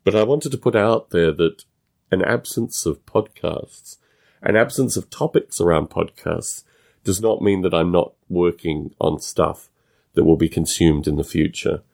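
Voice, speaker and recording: Male podcast host with a non-American English accent, solo monologue, low and gravelly, thinks aloud with restarts. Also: darkish tone. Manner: musing, halting, with frequent restarts.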